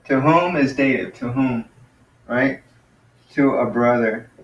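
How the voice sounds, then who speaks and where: Teacher explaining from across an echoey room. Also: male voice, medium pitch, muffled recording. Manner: explains patiently, slows to sound out Greek words. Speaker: Greek teacher. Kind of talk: informal classroom lesson. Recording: echoey room, mic far off.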